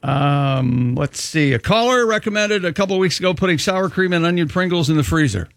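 A man's voice: fairly high pitch, animated, a little fast, vocal fry, no echo. A man co-hosting a radio show, reading listener letters aloud with wry jokes and frequent laughs into a studio microphone. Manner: wry, joking, laughs often.

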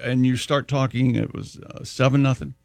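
A man on a radio show reading sports and news items, brisk and joking between scores. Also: mid-range voice, fairly even intonation, gravelly, no room sound, clean studio sound.

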